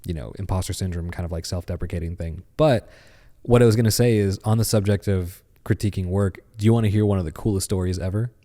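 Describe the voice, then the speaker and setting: Deep-voiced man telling a story. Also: quick pace, in a large hall. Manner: animated storyteller. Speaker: podcast guest. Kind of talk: casual chat.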